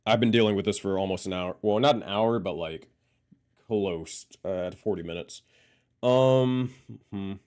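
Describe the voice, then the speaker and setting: A man's voice: fairly low pitch, moderate pace, darkish tone, clean tone. A man live-streaming who keeps testing his microphone and talking to his chat, sounding frustrated. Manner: frustrated, testing his mic with repeated phrases.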